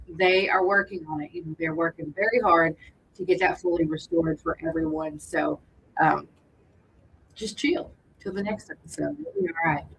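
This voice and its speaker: A woman's voice: mid-range voice, a bit bright, low-quality recording. Chatty woman radio host. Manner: chatty, loose and rambling, greets listeners by name. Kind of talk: casual morning radio chat. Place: radio studio.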